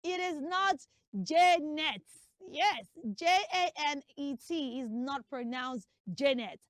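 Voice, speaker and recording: Woman, comic pronunciation teacher, high voice, drills names, spells them out. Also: fairly even intonation, takes it slowly, fairly bright tone, no room sound, studio quality. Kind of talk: comic classroom lesson skit.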